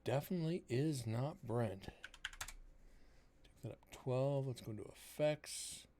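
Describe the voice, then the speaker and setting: A man's voice: medium pitch, unhurried. A man in his forties hosting a live-streamed paranormal show, chatting casually and rambling with self-mocking asides to his viewers. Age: 40s. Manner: rambling, self-mocking, talks to chat directly. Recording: steady background noise.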